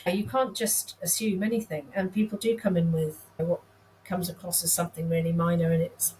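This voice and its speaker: Guest, woman, 50s, from the UK, lower voice, candid and self-deprecating storyteller. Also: level tone, normal speed, a little mellow, a little hiss or hum, low-quality recording. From United Kingdom. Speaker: nurse practitioner guest. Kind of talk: casual conversational storytelling.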